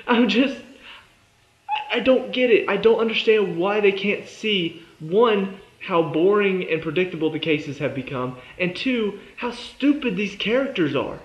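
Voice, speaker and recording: A man's voice: high voice, lively intonation, unhurried. A young man giving a casual, exasperated review of a TV episode, sarcastic and fond of mimicking the characters. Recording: echoey room, dull lo-fi sound.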